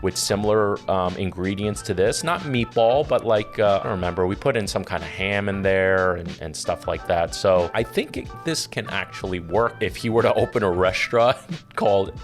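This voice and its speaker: A middle-aged chef chats through his reactions in a slightly low, easygoing voice. He rambles and laughs often, with faint music in the background. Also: normal speed. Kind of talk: casual reaction commentary.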